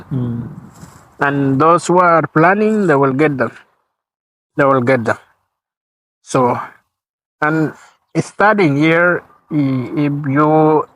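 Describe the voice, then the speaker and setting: A man speaking as an in a casual outdoor vlog, talking slowly and repeating his points while walking through a park with a phone camera. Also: a little high, fairly bright tone, low-quality recording. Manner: slow and repetitive, restating points. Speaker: vlogger.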